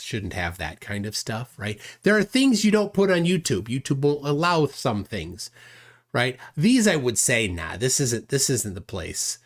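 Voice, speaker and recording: A man's voice: medium pitch, fairly bright tone. Indignant male livestream host. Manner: indignant, reads chat aloud, frequent "right?". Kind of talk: casual commentary on a clip.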